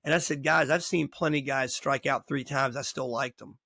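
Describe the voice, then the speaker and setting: This middle-aged man's medium-pitched voice is creaky and moves at a normal speed, recorded in studio quality without echo. As a podcast host and baseball coach, he tells stories in casual interview talk, vividly acting out the voices of those he quotes.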